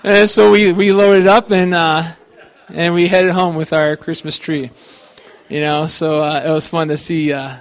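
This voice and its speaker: A man's voice: a little high, little pitch movement, measured pace. A man telling personal stories as a guest speaker, rambling and folksy, full of "you know" and restarts. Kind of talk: personal testimony storytelling.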